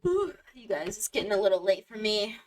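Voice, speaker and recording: Talking herself through the game, this woman streamer gives casual commentary in a hesitant, musing way. Her mid-range voice has a sing-song lilt and moves fairly quickly.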